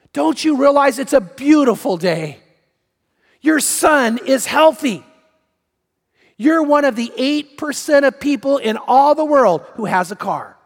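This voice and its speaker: A man's voice: sits high, fairly bright tone, big-room sound. A man preaching a sermon as pastor, emphatic, repeating key phrases and acting out the quotes he reads.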